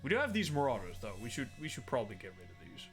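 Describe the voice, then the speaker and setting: A man streaming a strategy game, thinking aloud in casual, excitable commentary and swearing freely. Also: medium pitch, racing, faint music behind. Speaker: gaming streamer. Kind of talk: casual let's-play commentary.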